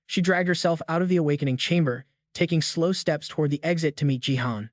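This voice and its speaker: A man tells a comic recap in a brisk, slangy way. His voice sits a touch higher than most men's, recorded close and dry with no room sound. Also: no echo. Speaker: recap narrator. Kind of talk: scripted recap narration.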